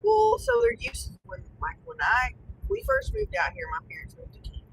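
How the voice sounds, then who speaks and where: A woman's voice: very high voice, huge pitch swings, fairly quick, a bit bright, low-quality recording. Chatty woman in a moving car. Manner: rambling, chatty storytelling. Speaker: passenger. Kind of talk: casual chat. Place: car on a drive. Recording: faint road noise.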